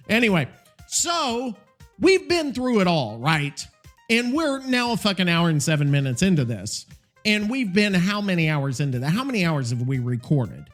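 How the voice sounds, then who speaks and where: Over loud music, a man with a high voice talks at a normal speed while hosting a solo podcast. He sounds tired but animated, rambling and swearing a lot in a casual, profane rant.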